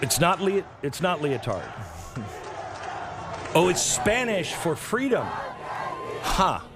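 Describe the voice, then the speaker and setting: A man hosting a political commentary show, talking in a sarcastic, animated monologue. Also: fairly high pitch, noisy background. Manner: sarcastic, animated, mimics others in quotes.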